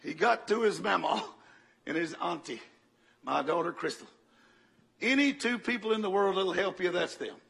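An older man preaching a sermon, telling a story dramatically and swinging from loud bursts to hushed tones. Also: high voice, expressive, normal speed, gravelly, long pauses, breathy edge.

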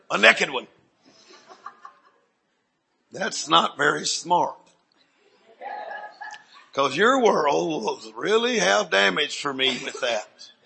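A man preaching, telling a story in a dramatic way that swings from hushed to loud. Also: sits high, creaky, a little hiss or hum. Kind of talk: sermon testimony storytelling.

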